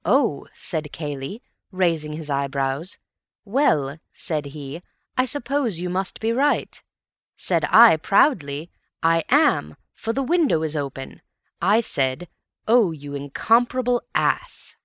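A woman reading aloud, voicing an excitable young male amateur detective with theatrical outbursts. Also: deep voice, slow, dry recording, studio quality, full character voice. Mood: gravely explaining. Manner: exclamatory and theatrical, then grave explaining.

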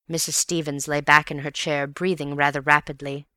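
A woman narrating an audiobook with expressive storytelling. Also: sits low, normal speed, few pauses, dry recording, clean studio sound.

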